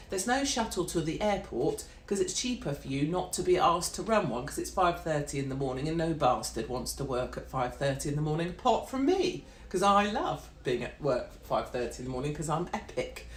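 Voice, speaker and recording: This live-stream monologue comes from a middle-aged British woman ranting in a brash, sarcastic, sweary way. She sounds low and animated at a normal speed, with a roomy echo and a little hiss or hum on the recording.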